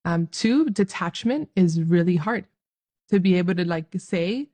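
A woman's voice: on the low side, lively intonation, measured pace, mellow. A young woman giving an earnest, joyful faith talk straight to her viewers, laughing often as she speaks. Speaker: Catholic speaker.

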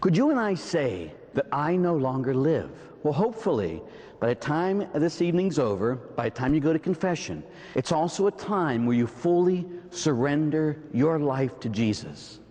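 A middle-aged Pittsburgh priest delivers a sermon in a voice on the high side, his intonation rising and falling in a lively, expressive way. He regularly checks in with the congregation through rhetorical questions and quick asides, and the large church hall gives his voice a long, ringing reverb.

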